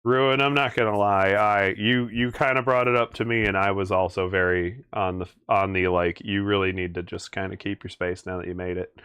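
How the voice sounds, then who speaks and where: A man's voice: deep voice, fairly even intonation, moderate pace, hardly any pauses, fairly bright tone, clean tone. Laid-back man hosting a stream. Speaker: stream host. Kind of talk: casual livestream chat, reading chat aloud.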